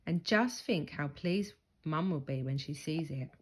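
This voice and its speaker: A woman voicing a mischievous young boy who schemes sweetly and protests loudly. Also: low-pitched, measured pace, breathy edge. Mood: scheming.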